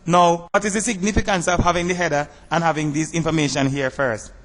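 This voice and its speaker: A man teaching a math lesson over slides, explaining step by step in a measured way and asking rhetorical questions. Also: fairly high pitch, steady tone, a bit bright, in a large hall.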